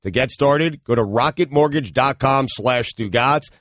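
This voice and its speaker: A man's voice: medium pitch, measured pace, fairly bright tone, no echo. Man reading radio ad copy, dry sound. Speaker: radio co-host. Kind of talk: read ad copy.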